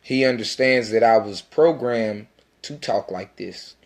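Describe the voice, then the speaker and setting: A man's voice: on the low side, unhurried. A man, an independent rapper, talking in a casual self-recorded monologue that is intense, rambling and full of profanity.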